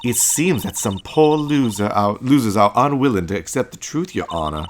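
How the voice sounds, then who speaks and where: A man with a lowish, natural voice and lively intonation plays a brash, cocky former woman detective who now runs a lunch stand, taunting and smug in manner. He speaks at a moderate pace over game music, with slight background noise.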